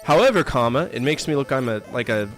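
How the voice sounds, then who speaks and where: Sarcastic, animated male game streamer. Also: mid-range voice, fast talker. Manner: joking, sarcastic, complaining. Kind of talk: live gameplay commentary. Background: faint game music.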